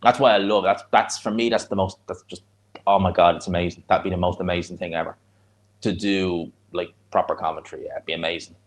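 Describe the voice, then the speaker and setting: A man with a North Dublin accent, hosting a live fight watch-along, chatting loosely and reacting excitedly to the action. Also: low-pitched, fast talker. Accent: North Dublin (Fingal). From Ireland.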